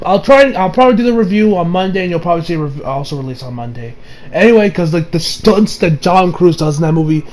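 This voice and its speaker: A man casually reviewing an anime episode, animated and swearing freely, acting out characters with big voice swings and laughs. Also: high voice. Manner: swears freely, many fillers.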